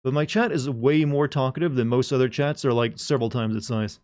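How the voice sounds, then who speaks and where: Male streamer, mid-pitch, casual rambling banter with dark jokes. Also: steady tone, brisk. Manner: joking, rambling, talks to chat. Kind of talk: casual live-stream chat.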